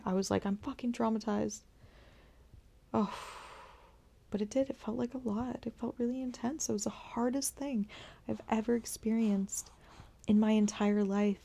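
Slow, gravelly, soft-spoken woman. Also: mid-range voice. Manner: slow, soft-spoken and reflective, many "um"s and repetitions. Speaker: podcast host. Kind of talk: personal storytelling monologue.

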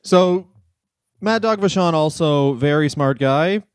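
A man's voice: on the high side, takes it slowly, smooth, no room sound. A man co-hosting a podcast in casual comedic chat, spinning absurd, profane riffs. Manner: profane, absurd riffs, laughs at his own bits. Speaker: podcast co-host.

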